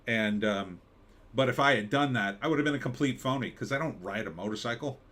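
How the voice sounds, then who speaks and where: Man, mid-Atlantic accent, live stream host, casual rambling commentary, medium pitch. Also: fairly quick, fairly bright tone. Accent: mid-Atlantic American. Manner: rambling, conversational, with mock announcer bits. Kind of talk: casual commentary reading chat.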